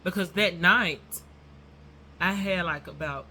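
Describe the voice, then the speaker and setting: A woman's voice: on the low side, takes it slowly, pushed and bright, slight background noise. A woman telling a rambling story to her viewers in a casual vlog, chatty and addressing them as y'all. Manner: self-described nervous and non-confrontational. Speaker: YouTuber.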